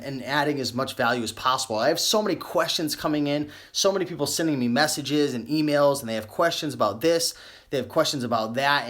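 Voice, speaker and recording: A man's voice: medium pitch, fairly bright tone. Young adult man, casual live-stream host, loose rambling delivery, slightly tired voice. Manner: rambling, many fillers and self-corrections. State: losing his voice. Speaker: online clothing reseller. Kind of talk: live-stream tips chat.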